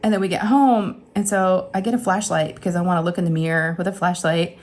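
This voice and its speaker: This is a middle-aged woman with a somewhat low-pitched voice, telling a personal story in a casual, rambling way. She talks straight to her viewers, stays animated, and puts on what the others said as she goes. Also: quick pace. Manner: chatty, animated retelling with acted-out quotes and laughs. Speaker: crafting channel host.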